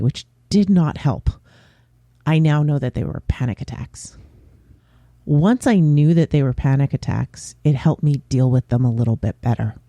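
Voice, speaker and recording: A man hosting his own podcast, talking openly in a casual, unscripted way with pauses and fillers. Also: medium pitch, mellow, no echo. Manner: candid and open, with frequent pauses and fillers. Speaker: podcast host. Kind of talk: casual solo podcast chat.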